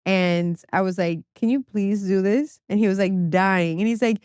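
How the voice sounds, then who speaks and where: A woman's voice: mid-range voice, moderate pace, a little mellow, smooth, dry recording, studio quality. A woman guest on a podcast, chatting casually and animatedly, laughing often and swearing freely. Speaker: podcast guest, music publicist. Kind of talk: casual chat.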